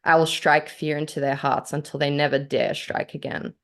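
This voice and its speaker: A woman's voice: low voice, normal speed. An Australian woman, a podcast co-host and author, chatting casually and reading her own story aloud with feeling, often laughing. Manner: animated, laughs often, gets choked up.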